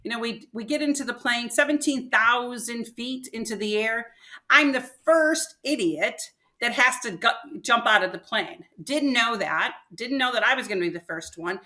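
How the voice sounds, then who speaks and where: An older woman, a podcast guest, telling a personal story in an animated way and acting out what people said. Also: on the high side, moderate pace.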